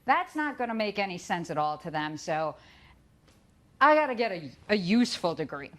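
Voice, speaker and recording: A middle-aged woman giving a talk, telling her own story with lively asides and acted-out quotes. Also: mid-range voice, moderate pace. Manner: lively storytelling, acts out quoted voices, laughs at herself. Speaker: conference speaker.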